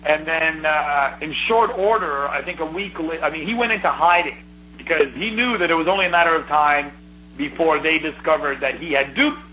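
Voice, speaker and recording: Bright-voiced man reminiscing casually. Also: fairly high pitch, moderate pace, slight background noise, poor audio. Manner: rambling, restarts, animated storytelling.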